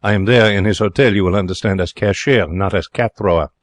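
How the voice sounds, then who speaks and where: An actor playing an excitable young Frenchman in a radio drama, speaking broken English in a French accent with theatrical, emotional delivery. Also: deep voice, fairly quick, dry recording, close to an everyday voice. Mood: wistful. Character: young excitable romantic Frenchman, former hotel cashier. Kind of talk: 1940s radio drama narration.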